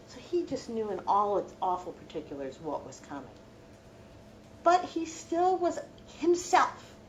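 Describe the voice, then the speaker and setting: A middle-aged woman lectures students with heartfelt, reflective storytelling. Her voice sits a little high and moves expressively through its range. A faint hum of ambience runs underneath. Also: lo-fi sound. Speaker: law professor.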